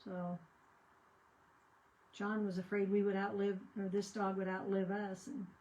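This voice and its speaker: A woman's voice: medium pitch, flat delivery, unhurried, warm tone, dull audio. An older woman chatting casually as she crafts at home, rambling and often trailing off mid-sentence. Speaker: crafting channel host. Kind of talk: casual chat while crafting.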